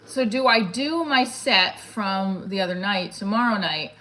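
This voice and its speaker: A woman's voice: mid-range voice, measured pace, a bit bright. A middle-aged woman, a comedian, chatting casually on a livestream, rambling and reading viewer comments aloud.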